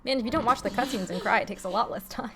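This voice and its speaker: A woman's voice: fairly high pitch, racing, pushed and bright, soft background music. A woman streaming a game live, chatting casually, swearing now and then and cooing at her cat.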